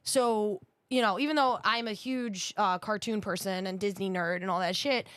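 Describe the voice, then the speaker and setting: A woman's voice: medium pitch, moderate pace, hardly any pauses, fairly bright tone, no room sound. Blunt, foul-mouthed woman in her thirties. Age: 30s. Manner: blunt, swears freely, laughs mid-sentence. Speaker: podcast co-host. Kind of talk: casual chat.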